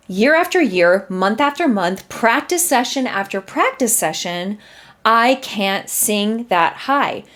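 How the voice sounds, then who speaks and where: A woman who teaches singing, hosting a casual solo podcast, chatty and animated with frequent laughter as she acts out her students' doubts. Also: medium pitch.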